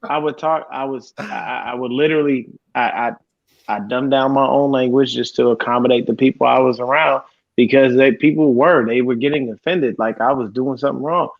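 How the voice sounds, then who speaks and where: A man's voice: mid-range voice, fairly even intonation, a little fast, creaky, no echo. Man, casual sports talk, swearing, rambling, dull dry sound. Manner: profane, rambling, many fillers. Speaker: podcast co-host.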